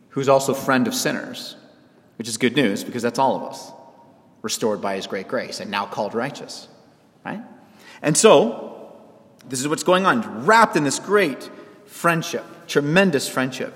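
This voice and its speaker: A man pastor preaching a sermon in a church, lively and animated, putting on voices for the people he quotes. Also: long reverb tail. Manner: animated, acts out quoted voices with big pitch jumps. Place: church sanctuary.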